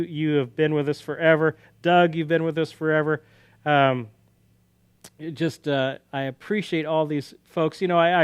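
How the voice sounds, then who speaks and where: A man's voice: a little high, clean tone. A man hosting a casual live-stream guitar lesson, talking loosely and counting beats aloud while he plays. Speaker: guitar teacher and livestream host. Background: guitar playing.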